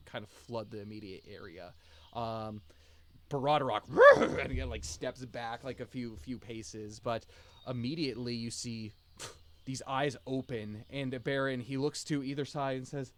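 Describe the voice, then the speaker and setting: A man's voice: mid-range voice, a little hiss or hum. A man narrating as game master for a tabletop role-playing game, casual and full of fillers. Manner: casual, many fillers and restarts.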